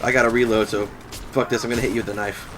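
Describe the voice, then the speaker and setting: A man's voice: mid-range voice, level tone, racing, a bit bright, a little hiss or hum, low-quality recording. A man casually commenting while playing a shooter game, laid-back, swearing now and then and explaining the game's mechanics. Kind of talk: casual let's play commentary.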